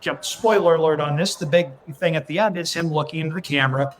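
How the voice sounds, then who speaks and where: A racing handicapper, guesting on a podcast, explains betting and taxes in a matter-of-fact, casual chat. His voice is a little high and he talks fast.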